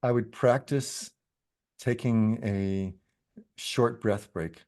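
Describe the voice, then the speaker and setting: A middle-aged man, host of a business coaching podcast, talking in a calm, unhurried, reflective way and guiding slow breathing pauses. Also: on the low side.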